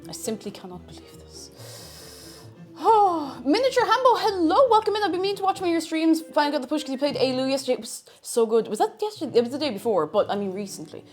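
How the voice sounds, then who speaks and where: A woman's voice: high-pitched, lively intonation, fast, darkish tone, faint music behind. A young Irish woman chatting casually on her livestream, bubbly and chatty as she greets viewers and reads their messages. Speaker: streamer.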